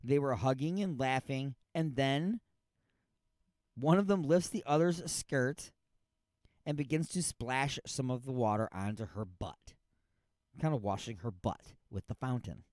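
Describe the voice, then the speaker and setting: A man's voice: mid-range voice, measured pace, a little mellow, no echo, clean studio sound. A man hosting a radio show, riffing on odd news stories in a rambling, mock-outraged way.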